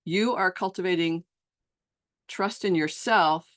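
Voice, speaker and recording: A middle-aged woman, a transformational coach and trainer, gives a reflective solo talk to fellow coaches, earnest and musing, sometimes slipping into her clients' voices. Her voice is on the low side and she speaks slowly.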